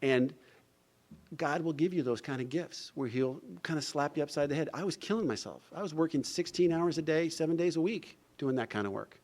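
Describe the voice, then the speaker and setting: A man's voice: a little high, a little fast, darkish tone. A middle-aged man from New Jersey giving a recovery talk, telling his story and acting out the dialogue, with frequent "you know" asides. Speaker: recovery speaker. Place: event hall.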